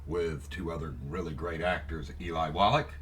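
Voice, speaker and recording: A man's voice: very deep voice, fairly even intonation, moderate pace, fairly bright tone, slight background noise. A middle-aged man co-hosting a casual chat show, laid-back and hesitant, with fillers and swearing. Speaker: co-host.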